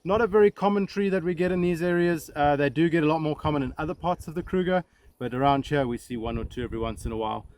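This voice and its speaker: A man's voice: fairly high pitch, fast. A man working as a safari ranger, talking casually and chattily as he guides viewers through the bush from a vehicle. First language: English. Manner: relaxed, chatty, self-deprecating with frequent fillers. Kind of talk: casual guided nature talk. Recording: noisy outdoor field recording. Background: steady outdoor noise.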